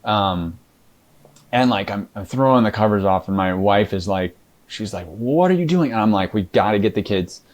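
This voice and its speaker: A man's voice: lowish voice, steady tone, moderate pace. A man guest in an interview, telling his story in a casual, rambling way with many fillers and restarts.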